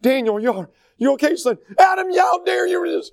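A man voicing an excitable middle-aged father who stammers and shouts in a panic. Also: extremely high pitch, moderate pace, gravelly, dry recording, voice pushed up, full character voice. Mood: frantic.

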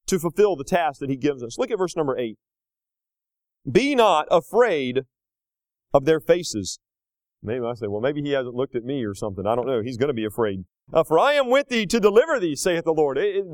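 A man in his thirties preaching a sermon, rising to loud, slow emphatic lines and dropping to quiet, casual asides. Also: dry recording. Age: 30s. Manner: swings between loud emphatic peaks and low conversational asides; slows down hard on key phrases.

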